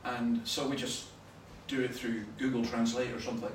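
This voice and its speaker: A Scottish man preaching a sermon, telling stories with sudden loud bursts of emphasis. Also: medium pitch, little pitch movement, normal speed. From Scotland. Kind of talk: sermon with anecdotes. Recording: roomy, from far off, faint noise.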